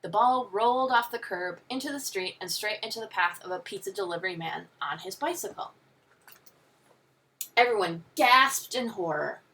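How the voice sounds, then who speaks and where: A woman's voice: mid-range voice, expressive, normal speed, pushed and bright, far from the mic. Woman reading a storybook aloud expressively. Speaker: teacher. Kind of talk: reading a picture book aloud.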